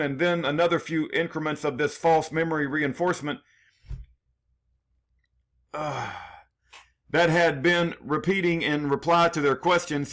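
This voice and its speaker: A man's voice: on the high side, fairly even intonation, unhurried, pauses often, a bit bright. A man reading his own prepared statement in numbered points, earnest and aggrieved, with small restarts. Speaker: defendant telling his case.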